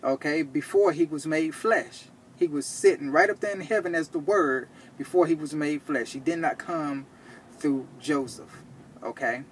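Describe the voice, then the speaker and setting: A man teaching from the Bible, reading verses slowly and checking in with "okay?" after each point. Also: fairly high pitch, a little hiss or hum. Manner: reads verses slowly and deliberately. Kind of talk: scripture teaching to camera.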